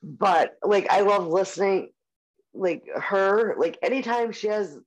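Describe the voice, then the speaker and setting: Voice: mid-range voice, takes it slowly. A podcast co-host in their forties, chatting casually with lots of fillers and easy swearing. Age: 40s. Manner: rambling, full of "like" and "um", casual swearing. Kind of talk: casual chat. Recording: muffled lo-fi audio.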